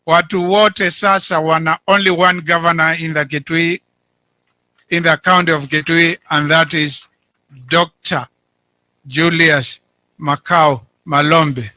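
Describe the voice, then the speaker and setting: Deliberate Kenyan man giving a speech. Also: on the high side, steady tone, bright, forceful tone, dry recording. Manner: deliberate orator, stresses key words. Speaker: county governor. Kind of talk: public speech, code-switching.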